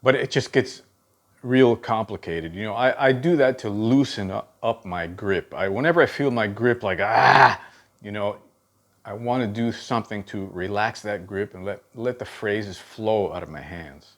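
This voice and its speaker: Lower-voiced man teaching drum technique. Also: moderate pace. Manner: counts beats aloud, often checks in with okay. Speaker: drum instructor.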